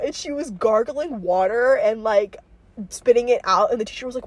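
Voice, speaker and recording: A young woman hosts a podcast at a moderate pace, her voice a little high. In casual storytelling chat, she rambles and swears, packing her speech with fillers and frequent "likes."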